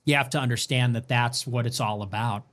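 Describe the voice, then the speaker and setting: A man giving an emphatic, animated political monologue, full of "like" fillers and restarts. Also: mid-range voice, a little fast. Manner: animated, emphatic, swings between excited and somber. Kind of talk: casual monologue.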